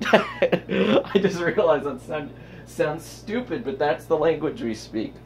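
A man's voice: on the high side, sing-song, slow, a little hiss or hum. A young man vlogging at home into his phone, rambling from topic to topic and talking to himself. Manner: rambling, self-talking, jumps between topics. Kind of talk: casual rambling vlog. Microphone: handheld phone.

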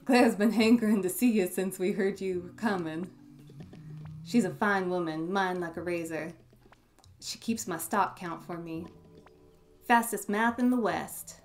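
A woman's voice: lowish voice, measured pace, faint music behind. A woman voicing a friendly older male shopkeeper in a game, with a drawling old-timer manner. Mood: folksy.

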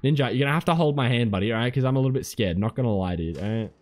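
A man commentating a horror game, jumpy and heavy on swearing, shouting back at the enemies on screen and pleading with his teammate. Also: mid-range voice, very fast. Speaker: gaming commentator.

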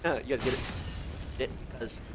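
A man streaming live esports commentary on a tournament match, profane and excitable, yelling through the fights. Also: mid-range voice, brisk, heavy background noise. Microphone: headset. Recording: game music playing behind.

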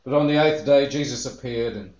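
A man's voice: medium pitch, fairly quick, darkish tone, echoey room, lo-fi sound. A man preaching a sermon as pastor, earnest and telling the story with feeling. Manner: earnest, acts out the disciples' voices in quotes.

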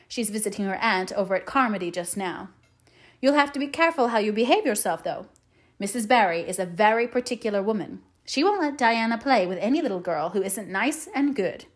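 A woman voicing a stern, practical older woman who raises a young girl, with a brisk, clipped, scolding manner. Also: mid-range voice, close to an everyday voice. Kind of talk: audiobook character reading.

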